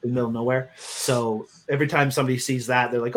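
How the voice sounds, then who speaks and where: A man's voice: medium pitch, little pitch movement, fast talker, a crowd in the background. A man hosting a casual podcast chat, joking around and asking his guests questions. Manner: laid-back, jokey, asks the questions. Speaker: podcast host.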